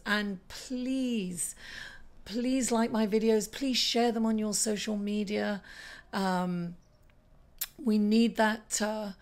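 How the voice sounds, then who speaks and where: Chatty woman with a slightly raspy voice. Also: mid-range voice, a little mellow. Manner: chatty, rambling, with many ums and asides. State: slightly raspy, hoarse from shouting. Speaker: astrology channel host. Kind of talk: casual astrology vlog talk.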